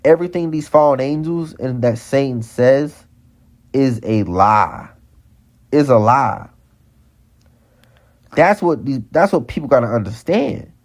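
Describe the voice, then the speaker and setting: A man's expressive, mid-range voice moves a little slowly, with long pauses, through a heated vlog monologue. The vlogger repeats himself constantly and stammers into restarts as he rants.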